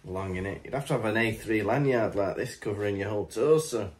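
A man's voice: lowish voice, a little fast, darkish tone. A man co-hosting a podcast in casual chat, making wry asides and laughing often. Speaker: podcast co-host.

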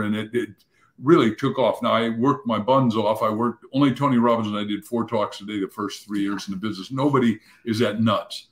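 A man's voice: lowish voice, fairly even intonation, fairly quick. A man speaking as a guest author on a radio show, preachy and full of anecdotes. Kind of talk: interview talk.

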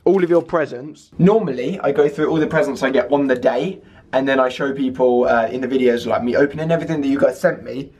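A man's voice: mid-range voice, fast. Tired, chatty young man vlogging. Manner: chatty, excitable, rambling. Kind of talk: casual vlog chat. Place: hotel room, indoors.

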